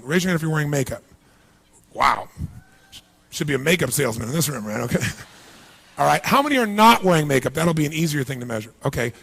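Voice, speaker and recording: A man with a raised, gravelly voice works a packed hall as a motivational speaker. He fires question after question at the crowd and slips into the voices of their doubting thoughts, pushing hard to get answers back. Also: a little high, fairly bright tone. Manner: rhetorical questions to a crowd, acts out inner voices. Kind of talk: live motivational seminar speech. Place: large hall with a live audience.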